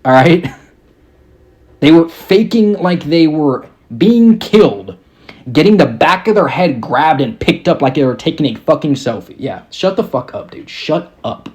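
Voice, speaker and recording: A man's voice: on the high side, expressive, unhurried, a little mellow. A young man hosting a podcast, ranting casually in a mocking, exasperated way and swearing constantly. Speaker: podcast host. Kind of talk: casual rant.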